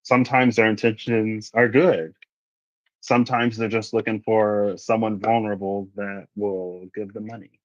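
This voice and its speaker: A man's voice: fairly low pitch, level tone, moderate pace, no room sound. A man giving a casual tarot reading, thinking aloud and wandering into asides. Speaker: tarot reader. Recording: dry, slightly muffled recording.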